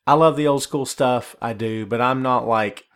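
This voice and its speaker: A man's voice: mid-range voice, normal speed, a bit bright, smooth. A man with a Southern US accent from the Carolinas, hosting a solo podcast in a chatty, rambling way with many fillers and restarts. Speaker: podcast host. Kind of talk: casual solo podcast talk.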